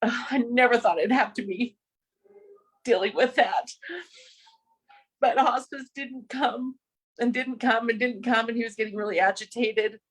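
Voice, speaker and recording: A woman telling a personal story of loss in an earnest, emotional way, laughing now and then through her grief. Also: on the high side. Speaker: podcast guest.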